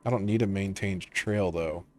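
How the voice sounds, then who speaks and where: A low-voiced gaming channel host plays a strategy game in a relaxed, casual way, speaking at a moderate pace. As he clicks through his choices, he often mutters half to himself and trails off into quiet asides.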